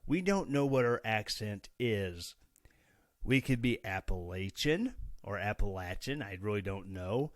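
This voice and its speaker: A man's voice: fairly low pitch, animated, measured pace, no room sound, studio quality. A man from Missouri hosting a casual podcast, chatty and sarcastic with a self-mocking streak. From Missouri, USA. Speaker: podcast host. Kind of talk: casual solo podcast commentary.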